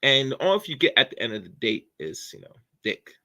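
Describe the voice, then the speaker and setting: A man's voice: mid-range voice, big pitch swings, normal speed, vocal fry, bright, forceful tone. A man hosting a casual opinion commentary, rambling and preachy, with many fillers. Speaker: commentary channel host.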